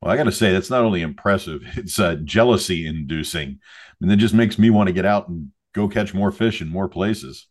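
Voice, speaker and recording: A man's voice: low-pitched, brisk. A man hosting a fishing podcast, interviewing a guest and telling stories in a wry, self-deprecating way. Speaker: podcast host.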